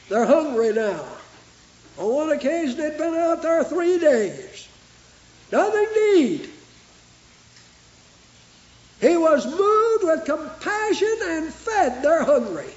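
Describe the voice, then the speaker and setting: High-voiced fervent male preacher, echoey lo-fi. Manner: fervent, rhythmic repetition, rising into shouts. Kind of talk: sermon. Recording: echoey, dull lo-fi recording.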